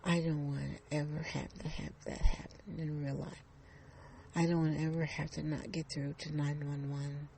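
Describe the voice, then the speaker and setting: A woman's voice: deep voice, flat delivery, moderate pace, gravelly, mellow, slight background noise. A woman voicing a middle-aged mother who talks earnestly and a bit preachily after a nightmare.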